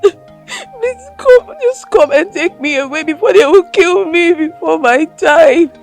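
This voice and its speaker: A woman plays a mistreated young Nigerian woman in a family film drama. Her high voice is choked with tears as she pleads. The Nigerian accent stays clear through the crying. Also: moderate pace, darkish tone, faint music behind, close to an everyday voice. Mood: pleading. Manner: tearful, pleading.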